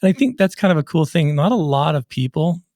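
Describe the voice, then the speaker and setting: A middle-aged man hosting a casual podcast interview, an animated storyteller who acts out the voices in his anecdotes. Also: fairly high pitch, quick pace, dry recording, studio quality. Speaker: podcast host and recovery coach.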